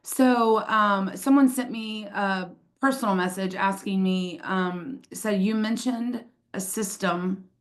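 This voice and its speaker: A woman's voice: mid-range voice, slow, hardly any pauses. A woman hosting a team video call, upbeat and reading questions out from the chat. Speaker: call host.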